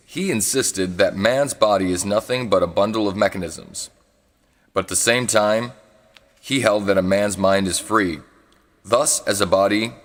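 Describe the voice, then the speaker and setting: A man giving a live reading of a philosophy book. He reads haltingly, restarts and corrects misread words, and adds asides when he is unsure how to say foreign words. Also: fairly low pitch, fairly bright tone, long reverb tail. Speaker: reader.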